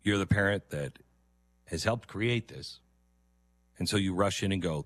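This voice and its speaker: A man's voice: sits low, normal speed, long pauses, no room sound. A middle-aged man commenting earnestly on a video, lecturing and sometimes mocking with impressions. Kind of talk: reaction commentary.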